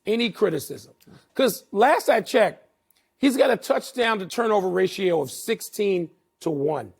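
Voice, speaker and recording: Impassioned older man, gravelly high voice. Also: animated. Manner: impassioned, emphatic, slows down to hammer points. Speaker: sports talk show co-host. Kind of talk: heated sports debate.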